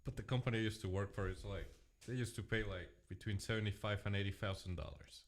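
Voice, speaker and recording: A man's voice: lowish voice, fast talker. A man co-hosting a podcast in casual chat, laid-back and agreeable. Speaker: podcast co-host.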